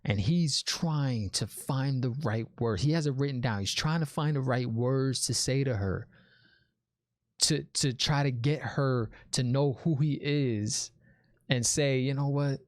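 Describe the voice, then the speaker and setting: A man's voice: medium pitch, a little slow, dry recording, clean studio sound. A man giving a casual spoiler review of a movie. He talks in a chatty, enthusiastic way, restarts his sentences and often calls the listener "man". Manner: repeats himself and restarts sentences.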